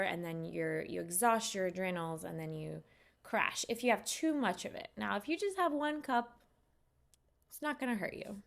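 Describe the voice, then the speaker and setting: A woman who teaches yoga, chatting casually with viewers on a live stream, unhurried and loose with fillers and restarts. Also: lowish voice, creaky, a bit bright.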